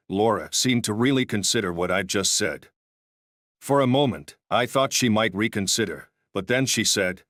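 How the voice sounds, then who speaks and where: A man narrating a first-person story in a measured, steady reading voice. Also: lowish voice, dry recording, clean studio sound.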